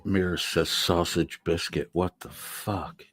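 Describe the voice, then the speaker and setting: A man's voice: low voice, unhurried, a little mellow, faint music behind. A man live-streaming, reading chat comments aloud and answering them in a rambling, profane, casual way. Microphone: laptop microphone.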